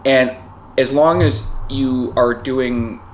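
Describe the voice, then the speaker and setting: A man's voice: medium pitch, steady tone, slow. Man, comedian host, rambling, conversational, keeps saying right, faint noise. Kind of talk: casual interview chat.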